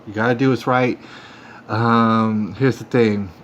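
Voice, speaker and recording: A man's voice: fairly low pitch, steady tone, slow, fairly bright tone. A man hosting a livestream, talking straight to viewers in a defiant, repetitive rant that keeps working itself up. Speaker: livestream host. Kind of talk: ranting monologue to viewers. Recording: dull lo-fi phone stream audio with faint noise.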